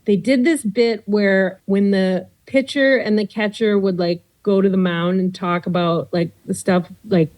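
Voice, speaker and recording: A woman comedian chatting casually as a podcast guest. She tells her stories with lively swings in pitch and jumps into voices for the people she quotes. Her voice sits in a middle register for a woman. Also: a little slow, few pauses, rough recording. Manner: animated storyteller, acts out quotes in voices.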